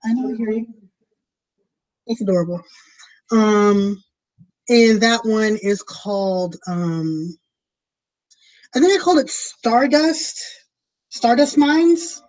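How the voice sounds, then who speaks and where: A woman's voice: a little high, darkish tone, low-quality recording. Chatty woman streaming from home. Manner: rambling, chatty, many fillers. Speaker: streamer planning a tabletop game. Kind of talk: casual chat to viewers.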